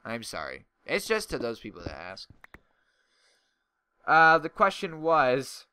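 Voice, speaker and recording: Bright-voiced young man ranting over gameplay. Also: mid-range voice, huge pitch swings, slow pace, clear, resonant tone, dry recording. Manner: rambling, gets heated and ranty. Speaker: server owner and YouTuber. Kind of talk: casual gaming commentary.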